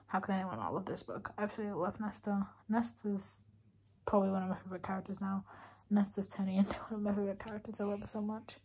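A young woman chatting casually in a reading vlog, excited and laughing at times, sometimes dropping to a hush. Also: mid-range voice, fast, husky. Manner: excited, chatty, laughs, drops to hushed tones. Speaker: book vlogger.

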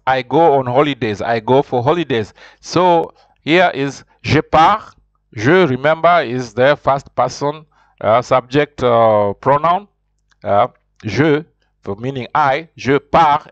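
A man's voice: medium pitch, no room sound. Guy teaching beginner french, lots of uhs and restarts, kinda muffled close sound. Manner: explains slowly with many restarts and fillers. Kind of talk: spoken language lesson.

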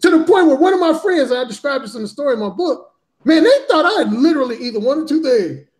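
A man's voice: extremely high pitch, very animated, fast talker, darkish tone. Blunt, profane male storyteller. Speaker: podcast guest, dating author. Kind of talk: casual storytelling in a talk show.

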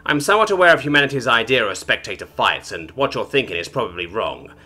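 A man's voice: mid-range voice, big pitch swings, fast, bright, forceful tone, husky, exaggerated voice. A man voicing a haughty, cold female alien information broker in a storybook reading, with clipped, formal, disdainful speech. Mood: weary, haughty.

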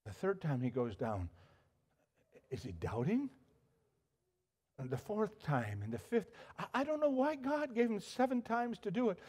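A male pastor preaching a sermon, telling a story with animated emphasis and frequent restarts. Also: high voice, a little slow, long pauses, breathy edge.

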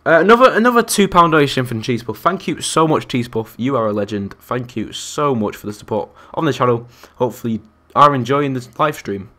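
A man's voice: mid-range voice, lively intonation, a little fast, few pauses, pushed and bright. A young man chatting through a live game stream, counting aloud and reacting to viewers and other players. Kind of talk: live gameplay commentary.

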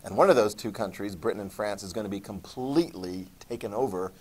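A man teaching a history class, lecturing in an animated way and quizzing students. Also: on the low side, brisk, slightly rough. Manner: animated, acts out countries in jokey voices; asks the class questions.

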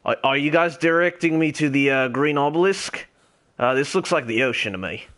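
A young man with a put-on Australian accent, streaming a game in character, rambling, swearing a lot and calling out loudly to other players. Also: fairly high pitch, animated, fairly quick.

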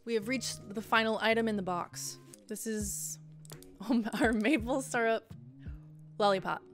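A young woman streamer taste-tests snacks, chatting casually, joking and giggling often in a bubbly way. Her voice is a little high and a little slow, with faint music playing behind her.

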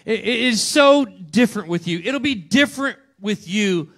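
An animated male pastor with a high, fairly bright voice speaks at a moderate pace, giving a conversational sermon to a congregation in church. He acts out quotes and regularly checks in with a rhetorical "right?"

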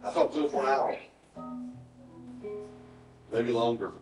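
A middle-aged man, preaching a sermon and telling a personal story in an earnest voice that often drops to a hushed, emotional tone. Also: mid-range voice, steady tone, unhurried, over music. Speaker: pastor. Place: church sanctuary. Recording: roomy church sound from a distant mic.

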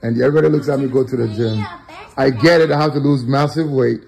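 A man's voice: medium pitch, fast talker, gravelly, a little mellow. A man in his thirties, a father cheering his family on in a playful home vlog. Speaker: father and vlogger. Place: home gym.

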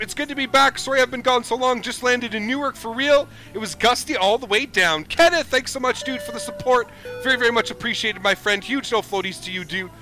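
A man streams a flight simulator, chatting casually with viewers, thanking them and reading their messages aloud. He's upbeat and chatty and calls people "dude." His voice is extremely high-pitched, bright and forceful.

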